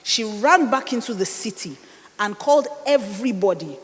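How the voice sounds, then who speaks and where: A woman's voice: medium pitch, expressive, normal speed. A middle-aged woman with a Nigerian accent, telling a personal story in a dramatic sermon style full of rhetorical questions. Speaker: speaker. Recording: reverberant hall.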